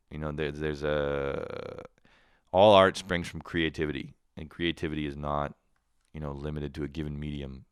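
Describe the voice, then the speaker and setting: A man's voice: deep voice, fairly bright tone, clear, resonant tone, no echo, clean studio sound. A man in his thirties, a drunk podcast host, ranting in a profane, sarcastic casual way. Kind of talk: casual comedic rant.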